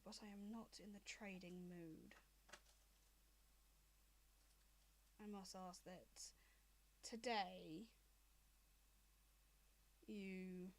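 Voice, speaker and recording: A woman voicing a stern, cold female dragon who runs a shop and speaks slowly and icily. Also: medium pitch, steady tone, slight background noise. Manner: slow, clipped, icy.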